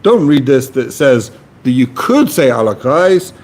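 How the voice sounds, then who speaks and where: With a mid-range voice and an unhurried pace, this man explains Talmud text to a study partner. He animatedly reads out Aramaic phrases, then renders them in simple, everyday words, as in a class.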